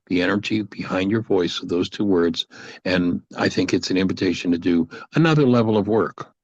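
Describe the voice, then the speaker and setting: A man hosting a coaching conversation on a video call, offering gentle, measured suggestions. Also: sits low, creaky, no room sound, highs cut off. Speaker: host and teacher.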